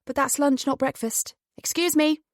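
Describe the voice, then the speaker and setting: A woman's voice: high-pitched, steady tone, moderate pace, no room sound, studio quality, voice pushed up, lightly acted. A woman voicing a playful, joking young man on holiday, in an audiobook.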